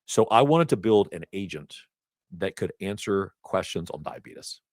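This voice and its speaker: Guy teaching a cloud ai class, deep voice that swings around a lot, chatty with asides, dry close sound. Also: expressive, normal speed, no echo. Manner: conversational, asides and self-corrections. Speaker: instructor. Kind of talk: live certification lecture. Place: training event room.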